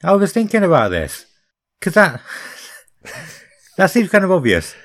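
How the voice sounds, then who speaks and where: Lively higher-voiced man, teasing and giggly. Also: unhurried. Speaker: podcast co-host. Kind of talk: casual chat.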